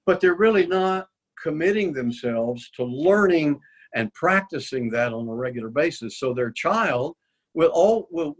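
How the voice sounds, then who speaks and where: A man's voice: on the high side, husky, poor audio. A man speaking as a guest on a faith-based parenting show, earnest and quoting scripture.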